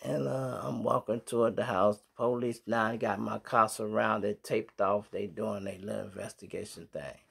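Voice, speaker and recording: A man's voice: fairly low pitch, normal speed, gravelly, few pauses, slightly rough. A middle-aged man from Chicago with a Chicago accent, telling street stories to his viewers in slang-heavy casual talk. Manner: animated storyteller acting out sounds and voices.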